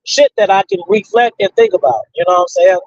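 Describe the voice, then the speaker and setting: A man's voice: high voice, a little fast, darkish tone, no room sound, muffled recording. A man hosting a casual question-and-answer session, rambling in profane street slang. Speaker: host answering audience questions. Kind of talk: casual Q and A talk.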